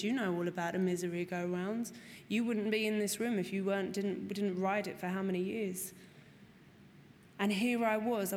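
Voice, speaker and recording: A woman's voice: on the high side, slight background noise. Candid woman sharing in a hall. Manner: earnest and candid, swears freely, repeats for emphasis. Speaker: speaker sharing at a recovery meeting. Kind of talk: personal testimony to a group. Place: meeting room. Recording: long reverb of a meeting hall, faint room ambience.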